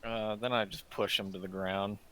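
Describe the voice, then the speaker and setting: A man's voice: lowish voice, flat delivery, normal speed, fairly bright tone, smooth. A man playing a tabletop game, casually asking questions and calling out his rolls. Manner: casual questions and dice calls. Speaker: player.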